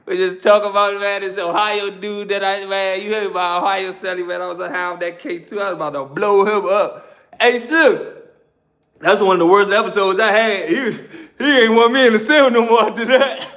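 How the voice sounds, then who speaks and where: A man telling a story in a casual, animated, slangy way, laughing often. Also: high-pitched, moderate pace.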